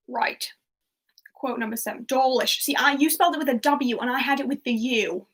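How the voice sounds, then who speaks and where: A woman's voice: a little high, moderate pace, creaky, fairly bright tone, husky. A woman hosting a livestreamed pub quiz in casual chat, giggling and reading out viewers' answers. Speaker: quiz host.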